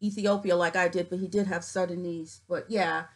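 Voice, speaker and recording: A woman vlogging casually, reading figures off her screen with many fillers and pauses, her voice cutting in and out. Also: on the low side, steady tone, rough recording. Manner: reads figures aloud haltingly with many fillers. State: voice cuts in and out.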